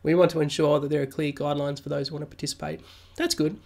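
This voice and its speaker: A man's voice: a little high, flat delivery, quick pace, gravelly, darkish tone. A man hosting a casual crypto live stream, reading news aloud and joking with viewers through a studio mic. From Australia. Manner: jokey, chatty, reads news aloud then riffs. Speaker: crypto livestream host. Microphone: new studio mic.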